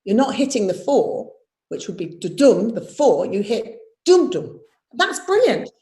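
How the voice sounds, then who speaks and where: A woman's voice: fairly high pitch, sing-song, unhurried, mellow. A woman, a theatre director leading a live online workshop, explaining verse and tapping out its rhythm aloud. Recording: roomy echo.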